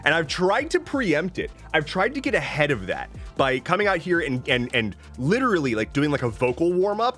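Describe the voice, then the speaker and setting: A man's voice: medium pitch, big pitch swings, fairly quick, few pauses, fairly bright tone, faint music behind. A man chatting casually on a live stream, joking playfully and reading viewer messages aloud.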